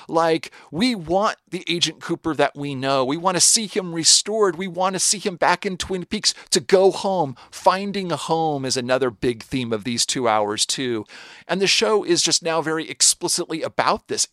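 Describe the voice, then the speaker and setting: A man's voice: fairly high pitch, fairly bright tone, no echo. Dry-miked man musing on a podcast. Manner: thoughtful, rambling, jokey asides. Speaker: podcast co-host. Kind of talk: casual podcast discussion.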